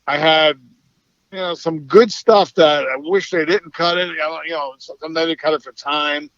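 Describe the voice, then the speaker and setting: A man's voice: on the high side, moderate pace, dry recording. Easygoing Boston-accented man, dry sound. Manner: easygoing, relaxed storytelling with soft laughs. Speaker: guest actor. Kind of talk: casual interview chat. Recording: slightly dull, dry podcast audio.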